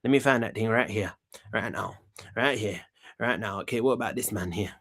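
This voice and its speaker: With a fairly low, slightly bright voice and some vocal fry, a man talks fairly quickly through a comedy talk show monologue. He comes across as cocky and rambling, leaning on slang and saying things over again.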